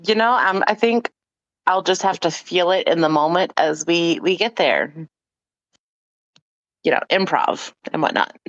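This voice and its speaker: Female player, dry and relaxed, lower voice, lively pitch, dull lo-fi recording. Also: unhurried, long pauses. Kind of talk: tabletop role-play.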